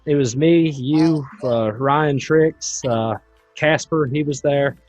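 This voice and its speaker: A man hosting a podcast, telling a story in a loose and animated way. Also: on the high side, slow pace, soft background music. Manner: animated, tells stories in a loose, chatty way. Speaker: podcast host. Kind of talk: casual storytelling. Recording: dull, dry, lo-fi sound.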